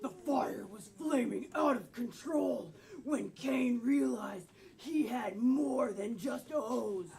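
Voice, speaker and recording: A woman improv player telling an improvised story with playful, halting narration on a comedy stage. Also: fairly high pitch, creaky, a little mellow.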